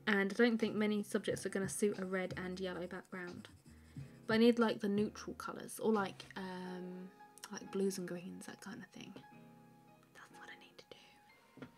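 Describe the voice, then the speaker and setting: A woman's voice: mid-range voice, flat delivery, moderate pace, faint music behind. A woman chatting casually on a live stream while she draws, laughing often, rambling with plenty of fillers, and reading viewer comments aloud to answer them. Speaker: artist live-streaming a drawing.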